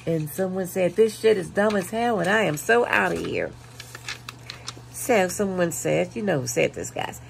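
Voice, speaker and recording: A woman vlogger casually reading viewer comments aloud, laughing and mocking, punching the quoted lines loudly. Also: fairly low pitch, big pitch swings, normal speed, gravelly, husky. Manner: laughing, mocking, reads comments with loud emphasis.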